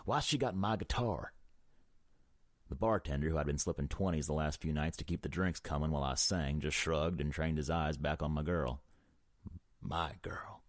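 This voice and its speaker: A man narrating an audiobook in the first person with a measured, brooding delivery. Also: rumbling low, steady tone, no echo, studio quality.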